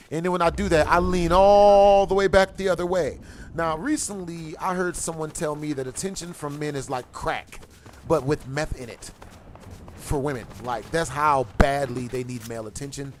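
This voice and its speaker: A man's voice: fairly high pitch, moderate pace, slight background noise. A man streaming a game and telling a profane, slangy story in casual chat, laughing and coughing often. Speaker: gaming streamer.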